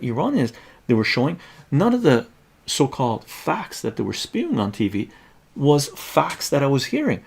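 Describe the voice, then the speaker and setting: A man's voice: mid-range voice, gravelly, slightly rough. A middle-aged man from Iran, telling profane stories in a casual livestream and checking in with "right?". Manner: animated, profane, conversational with frequent "right?". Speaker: streamer.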